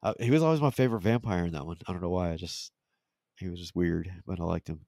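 A laid-back man co-hosting a podcast, speaking in a halting, relaxed way and often just agreeing. His voice sits very low with a gravelly fry. The sound is close and dry. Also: no room sound. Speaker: podcast co-host. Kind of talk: casual chat.

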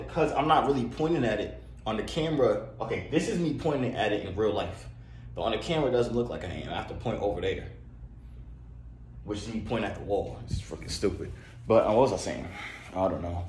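Young male vlogger, relaxed rambling delivery, faint room noise. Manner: laid-back, rambling, talks to his cat in high coaxing tones. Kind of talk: casual vlog chat. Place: at home, then in a car.

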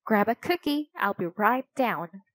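A friendly young boy from a children's storybook, voiced by a woman reading aloud. He talks at an unhurried pace in a dry, close sound. His manner is easygoing and cheerful. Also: mid-range voice, lively intonation, dry recording.

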